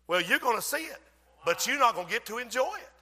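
Impassioned high-voiced preacher. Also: male voice, sing-song, fast talker, in a large hall. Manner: impassioned, rising to shouts. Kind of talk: sermon. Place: church.

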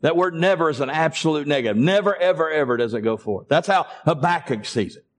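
A high-voiced male pastor preaching to his congregation. He calls out to the people in front of him and asks them to say amen. His delivery climbs steadily toward fervent, near-shouted peaks. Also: lively intonation, fast, a little hiss or hum. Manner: preaching with a rising, impassioned build-up; calls to the congregation in a Southern US vernacular. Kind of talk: sermon.

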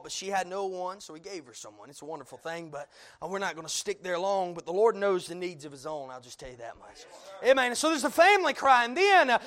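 A man preaching a sermon, dropping to hushed low passages and climbing to loud peaks, with frequent amens and uh fillers. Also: vocal fry.

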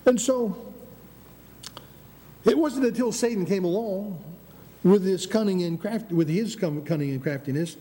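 A man's voice: high voice, a little slow, pauses often, warm tone. A man preaching a sermon with a Michigan Upper Peninsula accent, emphatic, repeating his phrases and sometimes stumbling over words. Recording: reverberant hall with faint ambient noise.

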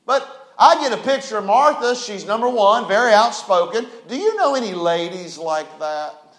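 A male pastor preaching a folksy, emphatic sermon that rises into shouts. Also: high-pitched, sing-song, normal speed, reverberant.

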